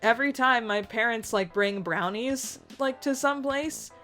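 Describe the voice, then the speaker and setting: Let's play host, young woman reading a visual novel with chatty asides, fairly high voice. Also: unhurried, pushed and bright, faint music behind.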